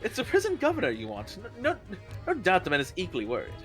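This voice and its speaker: A man's voice: sits high, huge pitch swings, fast talker, a bit bright, faint music behind, full character voice. A man voicing a flamboyant, aloof male detective in a theatrical, haughty manner. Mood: airy. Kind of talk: let's play character voicing.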